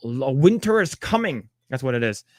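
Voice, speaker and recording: Halting man reading news aloud. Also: medium pitch, big pitch swings, darkish tone, dry recording, studio quality. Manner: halting, many fillers and repeated words. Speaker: podcast co-host. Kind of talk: casual chat reading news.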